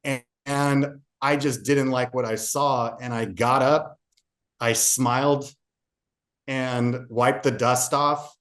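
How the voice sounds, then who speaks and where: A man's voice: mid-range voice, fairly even intonation, slow, fairly bright tone. A man guest on a podcast, earnestly recounting a personal story with frequent fillers and restarts. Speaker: podcast guest, real estate agent.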